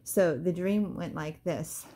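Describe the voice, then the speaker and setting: Christian vlogger, woman, low voice, loose devotional storytelling full of fillers. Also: slow, mellow. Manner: casual, hesitant, with many ums and praise exclamations.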